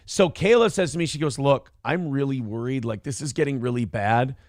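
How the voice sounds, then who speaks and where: A man's voice: mid-range voice, fairly quick, darkish tone, dry recording, studio quality. A young man co-hosting a morning show, telling a story animatedly, acting out quotes and swearing freely. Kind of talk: casual storytelling chat.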